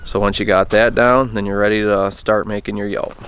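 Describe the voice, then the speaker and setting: A man's voice: fairly low pitch, flat delivery, a little fast, background noise. A man casually teaching a hands-on technique, plainspoken and hesitant, often restarting his sentences. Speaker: turkey call instructor. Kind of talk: casual how-to demonstration.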